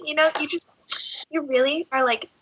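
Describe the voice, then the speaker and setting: A woman's voice: high voice, fairly even intonation, moderate pace, fairly bright tone, dull audio, slight background noise. A woman playing a tabletop game, talking in a gushing way full of fillers. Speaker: player. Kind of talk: casual tabletop play.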